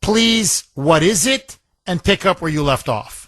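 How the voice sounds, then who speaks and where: Brash high-voiced talk radio host man. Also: lively intonation, a little slow, a bit bright, no echo. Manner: brash, laughing, taunting. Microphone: studio microphone.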